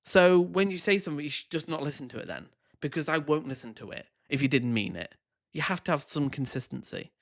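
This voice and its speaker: A man's voice: fairly high pitch, animated, fairly quick, few pauses. Scornful man reacting. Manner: exasperated, scornful, swears. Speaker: commentator. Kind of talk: reaction commentary.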